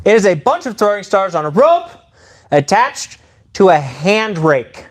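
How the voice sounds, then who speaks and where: A man live-streaming a demonstration of improvised weapons. He talks to his chat in an excitable, playful way. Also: high voice, a little slow. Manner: excitable and playful, addressing viewers directly.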